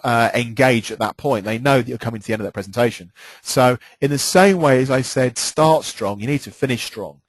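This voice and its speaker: A man delivering a training webinar on presenting, emphatic and animated, often repeating words for stress. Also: mid-range voice, no echo, rough recording.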